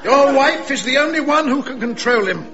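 A man's voice: very high-pitched, lively intonation, moderate pace, highs cut off, heavy background noise. A man playing a domineering, gleefully cruel freak-show owner who gives orders.

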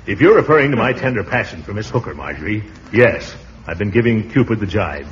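A man's voice: lowish voice, big pitch swings, brisk. A middle-aged man with a pompous, blustery manner who chuckles as he talks, in 1940s radio acting on a dull, noisy old radio recording. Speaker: uncle, lead comic character.

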